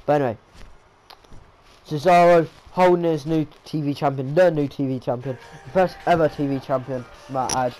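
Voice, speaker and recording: A young man giving excitable play-by-play commentary on a wrestling video game, repeating his calls and tripping over his words. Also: a little high, normal speed, slight background noise, low-quality recording.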